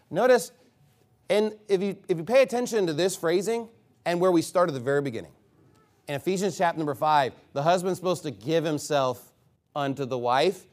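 A man's voice: a little high, animated. Preaching man with emphatic repetition. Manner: reads scripture slowly and deliberately. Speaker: pastor. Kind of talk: sermon.

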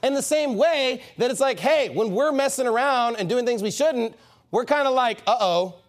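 A man preaching a sermon as pastor, in an animated, mocking and emphatic manner. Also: very high voice, normal speed.

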